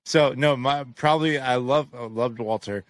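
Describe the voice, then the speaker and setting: A man chatting on a casual podcast, his speech halting with restarts and offhand swearing. His voice sits at a middle pitch. The recording is dry and close. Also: no echo. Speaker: podcast co-host. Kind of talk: casual chat.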